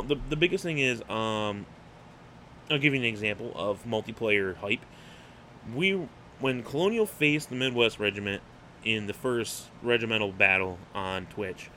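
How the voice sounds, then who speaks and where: A man's voice: medium pitch, sharp tone, slight background noise. Hyped, swearing male podcast host. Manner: hyped, swearing, rambling with restarts. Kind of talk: unscripted solo podcast rant.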